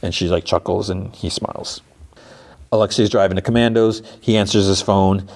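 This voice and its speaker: A man's voice: sits low, steady tone, moderate pace, a little mellow. A man hosting a podcast, casually recapping an episode in a rambling, filler-heavy way. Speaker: podcast host.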